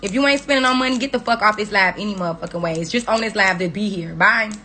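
A woman's voice: mid-range voice, fast talker, bright, forceful tone, a little hiss or hum. A woman on a phone livestream, delivering a profane, confrontational scolding rant at her viewers. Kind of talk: angry rant on a social media livestream.

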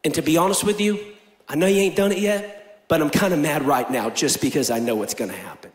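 A young male pastor with a high voice preaches in a big church hall where every word rings off the walls. He jokes and teases, then climbs into loud, emphatic declarations before dropping to near-whispered asides. The delivery stays lively and theatrical. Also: fairly quick. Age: young adult. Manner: animated, shifts between loud proclaiming and quiet asides. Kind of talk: energetic sermon with jokes.

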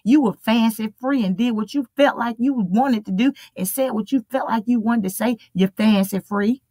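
A woman's voice: fairly high pitch, normal speed, dark tone, no room sound. A woman preaching a sermon in an emphatic, repetitive style, drawing out key phrases.

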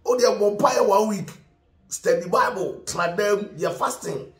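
A man's voice: high-pitched, moderate pace, roomy sound. A Ghanaian man preaching a sermon, mixing Twi and English, emphatic, with laughs. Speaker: pastor.

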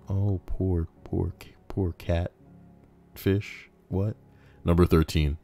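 A man's voice: sits low, fairly even intonation, slow pace, mellow, faint music behind. A young man casually reading out forum posts, rambling and sarcastic, with frequent swearing. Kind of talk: casual reaction commentary.

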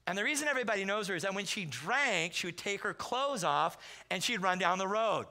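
A guest pastor with a high-pitched voice talks a little fast during a sermon in a church sanctuary. It is a storytelling message full of comic anecdotes, delivered with energy as he acts out the different voices.

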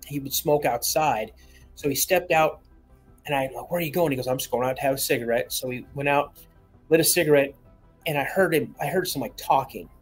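A man's voice: medium pitch, brisk, slightly rough, faint music behind. Man caller telling a rambling story. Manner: rambling, repeats words, acts out quoted dialogue. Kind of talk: storytelling on a call-in show.

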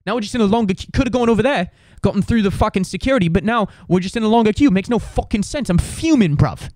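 A man's voice: sits high, animated, fast, darkish tone, dry recording, studio quality, voice pushed up. A man putting on a fuming British bloke. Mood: fuming rant. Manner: ranting, profane, repeats himself. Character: furious young British man in queue.

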